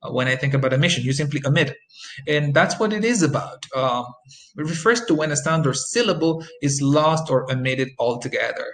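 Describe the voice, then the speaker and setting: A man teaching English phonetics in a recorded lesson, explaining sound changes and repeating example phrases slowly, with frequent ums and uhs. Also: a little high, animated, fairly bright tone, low-quality recording. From Costa Rica.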